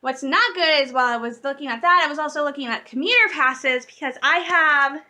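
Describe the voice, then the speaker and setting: A woman's voice: high voice, fairly quick, sharp tone. A woman, vlogging in a rambling, chatty way, laughing often and correcting herself mid-sentence. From Michigan, USA. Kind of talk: casual vlog chat.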